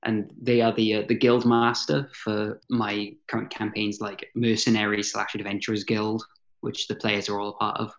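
A dungeon master talking as a guest on a casual podcast. The speech is hesitant, with repeated words and soft chuckles. The audio comes through dull and lo-fi. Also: medium pitch, little pitch movement, normal speed. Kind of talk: casual chat.

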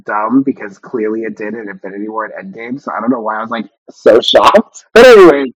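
A man's voice: lowish voice, animated, fairly quick, low-quality recording. A man co-hosting a podcast, chatting casually and rambling through a film recap, acting out quotes with self-deprecating asides. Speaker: podcast co-host.

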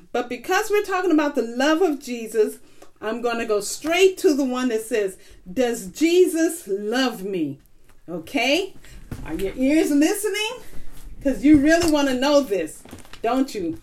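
A woman's voice: high-pitched, darkish tone. A middle-aged woman teaching a children's Bible lesson in a coaxing, sing-song way, asking the listeners questions.

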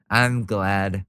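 A man's voice: lowish voice, sharp tone, smooth, no room sound. A young man doing mocking, profane reaction commentary, sarcastic and laughing often. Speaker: commentary streamer.

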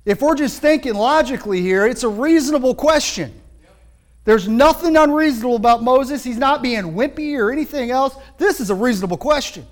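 A male pastor giving an animated, conversational sermon with frequent restarts. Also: extremely high pitch, brisk.

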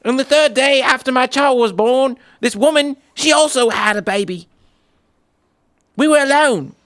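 A man putting on a shrill, melodramatic voice for a distraught mother pleading before a king. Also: takes it slowly, fairly bright tone, exaggerated voice.

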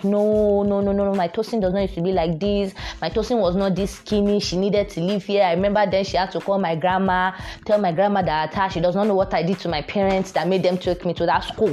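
Animated young Nigerian woman storytelling. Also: medium pitch. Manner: animated, mixes in Pidgin phrases. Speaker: vlogger. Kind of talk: casual storytelling.

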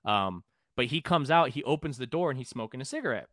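A man's voice: medium pitch, animated, fast, fairly bright tone, no room sound, clean studio sound. Profane, rambling man telling a story. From San Antonio, Texas. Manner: profane, rambling, frequent restarts. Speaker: podcast guest, musician. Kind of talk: casual storytelling.

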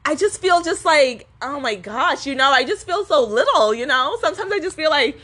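Young woman ranting casually, lots of cussing and "like", bright higher voice, laughs a lot. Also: lively intonation, brisk. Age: young adult. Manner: swearing, rambling with many fillers; laughs often while talking. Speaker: vlogger. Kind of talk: casual rant.

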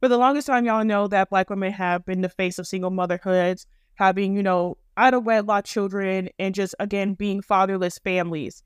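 A woman's voice: mid-range voice, fairly even intonation, normal speed, clean tone, no room sound, studio quality. Blunt, profane woman podcast host. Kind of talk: opinionated commentary monologue.

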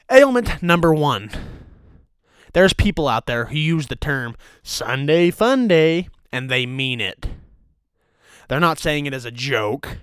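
Profane deadpan man ranting. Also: medium pitch, clean tone, no room sound, clean studio sound. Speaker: host of a rant show. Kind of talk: comedic rant.

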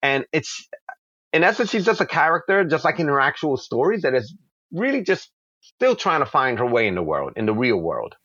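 This man, a comic book creator from New York, swings hugely in pitch from a mid-range base as he answers interview questions. His stories are passionate and flow quickly, dotted with acted asides, in a fairly bright tone on a dry, lo-fi recording.

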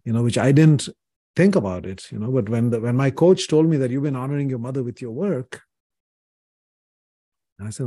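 A man's voice: medium pitch, moderate pace, long pauses, mellow, no room sound. A man in his sixties from India, a podcast guest telling personal stories in an earnest, reflective way, often saying "you know". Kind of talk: reflective interview conversation.

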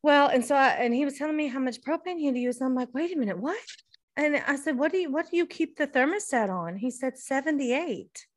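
Woman telling a lively rambling story. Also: high-pitched, fast. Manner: animated storyteller, swears freely, restarts often. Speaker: podcast co-host. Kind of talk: casual chat.

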